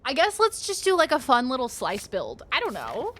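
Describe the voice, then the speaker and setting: A woman's voice: a little high, wildly swooping pitch, moderate pace, few pauses, a bit bright, slight background noise. A woman streaming a card game, chatting playfully with her viewers, swearing and reading card text aloud as she plays. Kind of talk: casual live-stream chatter while playing.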